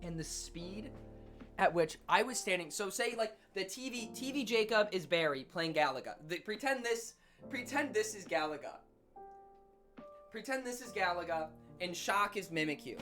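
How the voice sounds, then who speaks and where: A young man streaming, telling a story in casual chat, animated and laughing often, swearing freely. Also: sits high, normal speed, faint music behind.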